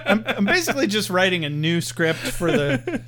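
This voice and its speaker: A man co-hosting a podcast, chatting in a joking, profane way. His voice sits high and swings widely in pitch, and he laughs often. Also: big pitch swings, moderate pace, a bit bright. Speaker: podcast co-host. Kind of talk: casual chat.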